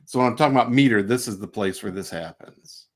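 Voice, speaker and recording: A middle-aged man teaching a music lesson on a livestream, relaxed and chatty, who stops to sing beat syllables to show the rhythm. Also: on the low side, fast. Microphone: home livestream mic.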